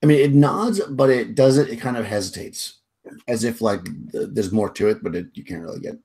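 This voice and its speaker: A man narrating as game master of a tabletop game, describing in a halting, hedging way with frequent restarts. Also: mid-range voice, warm tone, husky.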